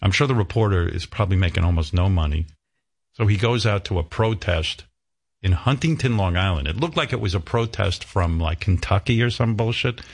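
A middle-aged man hosting a talk radio show in a lowish voice. He rants with heavy profanity and plenty of indignation, often working himself up. His delivery is casual and conversational. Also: fairly quick, vocal fry.

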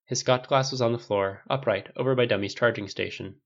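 A male audiobook narrator with a gravelly, creaky voice, reading fan fiction in a measured storytelling delivery. He sits at a middle pitch for a man, and the recording is slightly dull and lo-fi. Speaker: audiobook reader.

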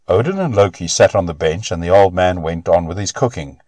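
A man narrating a myth-story aloud in an expressive, measured reading on a close mic. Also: low-pitched, dry recording.

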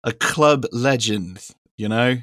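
A man's voice: mid-range voice, slow, a bit bright, no room sound, studio quality. A young man co-hosting a casual football podcast, rambling and laughing often, with casual swearing. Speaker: podcast co-host.

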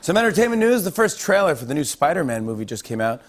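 A man's voice: on the high side, lively intonation, brisk, hardly any pauses, a loud crowd. A man hosting a late-night talk show, delivering a comedy monologue with punchy, playful emphasis before a live studio audience. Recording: studio audience laughter and noise.

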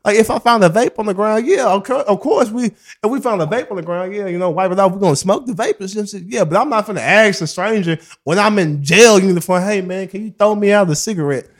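Young guy, high-pitched, telling a wild story, cussing, laughing, doing everyone's voices. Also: fast talker, few pauses. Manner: animated, profane, acts out quotes, laughs often. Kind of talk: casual storytelling.

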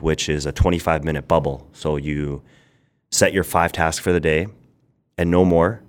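A young man, a podcast guest, telling his story in casual, rambling speech with filler words and quick bursts. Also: very deep voice. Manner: rambling, quick bursts, quotes people in animated voices. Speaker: podcast guest, brand founder.

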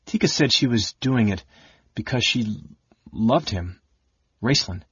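A man's voice: mid-range voice, expressive, extremely slow, bright, forceful tone, slightly rough, no echo, lo-fi sound, full character voice. A man voicing a young, curious kender who hesitates and stammers as he speaks. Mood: hesitant.

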